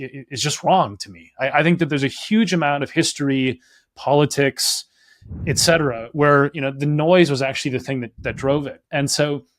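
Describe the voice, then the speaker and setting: A man answering as an author guest in a podcast interview, thinking out loud and leaning on "like" and "right?". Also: a little high, no room sound, clean studio sound. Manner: thoughtful, heavy use of "like" and "right?".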